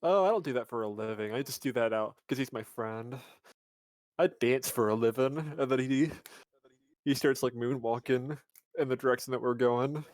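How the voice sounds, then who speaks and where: A man's voice: mid-range voice, moderate pace, a little mellow, no room sound. A man playing a tabletop character in a playful, joking way, laughing often. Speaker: player.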